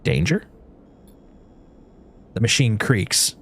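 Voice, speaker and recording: A man's voice: mid-range voice, lively intonation, drawn-out words, a bit bright, husky. A man streaming a story game, reading its narration aloud with expression and breaking off for playful asides.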